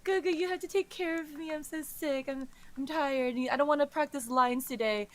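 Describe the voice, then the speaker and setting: A woman's voice: sits high, brisk, pitched above the performer's own voice, close to an everyday voice. A woman voicing a sick young man who whines and plays the brat. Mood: whiny. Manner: whining, pleading.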